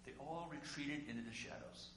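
A male pastor preaching a sermon conversationally, asking rhetorical questions and swinging between loud and quiet. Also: on the high side, normal speed. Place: church sanctuary. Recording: echoey room with faint hum.

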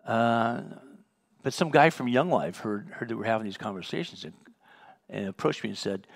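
In a lowish, creaky voice with lively intonation and a normal speed, a man teaches a Bible study conversationally. He tells stories from his own life, voices the remembered dialogue, and chuckles.

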